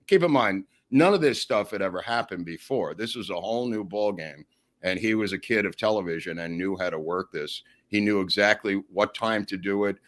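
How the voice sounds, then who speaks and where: Animated man telling stories, laughing. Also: fairly low pitch. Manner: animated, laughs often mid-sentence. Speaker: interview guest. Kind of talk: storytelling anecdotes in an interview.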